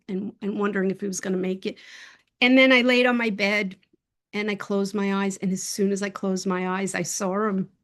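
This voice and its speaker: A woman telling a personal story as a guest speaker in a casual, heartfelt way, rambling with many fillers and restarts, over a video call. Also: mid-range voice.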